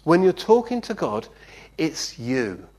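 A man preaching in a relaxed, storytelling way, his voice rising and falling widely. He speaks slowly and often pauses to check that his listeners are following him. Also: fairly high pitch. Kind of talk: conversational sermon with anecdotes.

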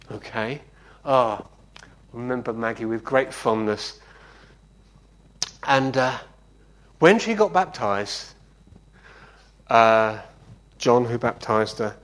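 Animated, unhurried preacher man. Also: mid-range voice. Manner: animated storyteller, often checking in with "yeah?". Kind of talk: conversational sermon with anecdotes.

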